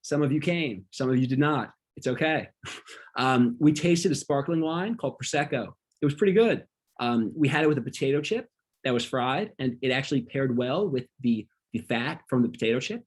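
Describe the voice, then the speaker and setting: Male instructor, husky tone, loose and filler-heavy delivery, teaching over a video call. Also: mid-range voice, normal speed. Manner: relaxed, many ums, talks through slides. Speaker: wine workshop instructor. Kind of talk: casual online class lecture.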